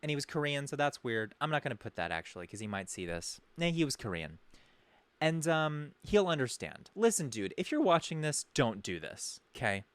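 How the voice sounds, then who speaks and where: A podcast host tells a comedic story in a rambling, sarcastic style, frequently correcting himself partway through sentences. He speaks at normal speed in a medium-pitched, sing-song voice, and the recording is dry.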